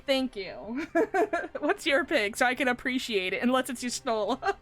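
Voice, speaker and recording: In a casual live stream, a woman talks about a game with lots of swearing and laughter while faint game music plays. Her high voice is lively in intonation, a bit bright and unhurried.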